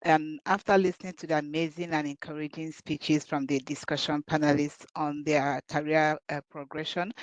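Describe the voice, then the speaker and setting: A man who works as a caseworker giving a formal, measured thank-you speech over dull, lo-fi video call audio. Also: fairly high pitch, dry recording.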